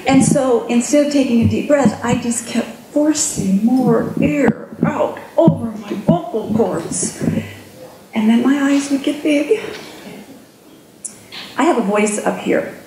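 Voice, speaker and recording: A middle-aged woman giving a conference keynote, an animated storyteller who acts out her own inner voices. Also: high voice, a little slow, noisy background. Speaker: keynote speaker. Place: conference room with an audience. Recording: echoey room with faint ambience.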